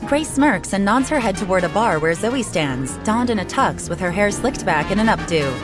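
A woman reading scripted audio description in an even, measured voice. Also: mid-range voice. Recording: music playing behind.

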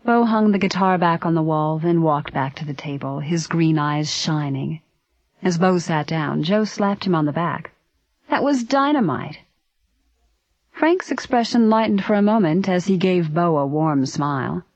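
A woman narrating a story aloud in a steady, even reading voice. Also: deep voice, normal speed, dry recording. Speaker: audiobook narrator. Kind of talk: scripted narration. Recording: dry, slightly dull recording.

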